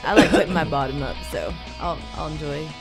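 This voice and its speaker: A woman's voice: sits low, fast, over music. A woman chatting loosely and jokingly as a panelist on a radio talk show. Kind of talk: casual chat.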